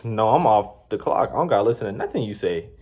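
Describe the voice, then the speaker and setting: A man's voice: fairly low pitch, animated, quick pace, warm tone, breathy edge. A man voicing a mouthy male coworker who bluntly talks back to his boss. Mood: defiant.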